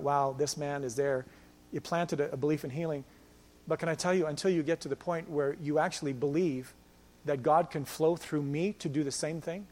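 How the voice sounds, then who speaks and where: A male pastor preaching a sermon, swinging between loud exhortation and quiet storytelling. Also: a little high.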